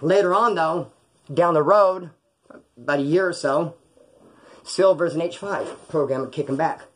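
Husky guy telling jail stories, swears a lot, does the voices of people he talks about. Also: fairly high pitch, unhurried. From California. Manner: animated, profane, acts out quoted voices. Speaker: vlogger telling prison stories. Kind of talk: casual storytelling. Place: small hot room.

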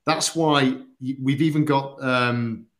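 A man's voice: medium pitch, steady tone. Earnest man explaining products. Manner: earnest, explanatory, pauses with fillers. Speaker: product expert on a company livestream. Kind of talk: casual livestream chat.

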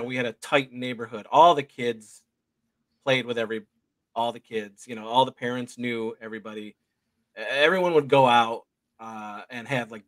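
Man, forties, slow, rambling storyteller, casual guest, dry sound. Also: medium pitch, a bit bright, no echo. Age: 40s. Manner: rambling, slow delivery with many fillers. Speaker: guest filmmaker.

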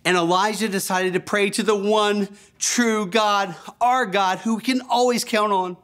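A man's voice: sits high, fairly even intonation, a little slow, a bit bright, clear, resonant tone. A man telling a Bible story to young children, enthusiastic and gasping, leading them in call-and-response.

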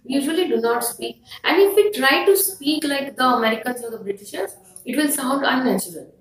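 A woman with an Indian English accent gives a firm, instructive lesson, pausing often on fillers. Her voice sits a little high. She sounds set back from the mic in a room with a clear echo. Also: lively intonation, recorded from a distance. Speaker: IELTS teacher. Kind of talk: explanatory lesson to camera.

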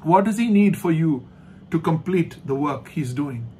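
A man preaching a sermon as pastor, emphatic and repetitive, slowing down to stress points and dropping to a soft hush at the end of each thought. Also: on the high side, expressive, slight background noise. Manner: emphatic, repeats key phrases, slows down for stress. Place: online church service.

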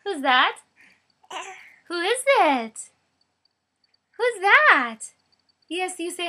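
A young mother talks to her baby in a home video, coaxing and sing-song. Her voice sits very high and rings bright and clear. She speaks slowly, drawing out each word. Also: lively intonation.

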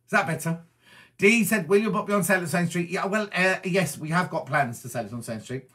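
A middle-aged man from Wiltshire in England, chatting as a presenter as he reads out viewer messages and answers each one with quick asides. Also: sits high, a bit bright. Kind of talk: casual chat reading viewer comments.

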